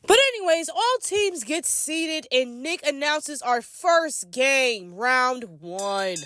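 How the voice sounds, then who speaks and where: A woman's voice: high-pitched, fairly bright tone, no echo, studio quality. A woman giving a casual, sassy and slangy recap commentary of a reality show episode. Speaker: commentary vlogger.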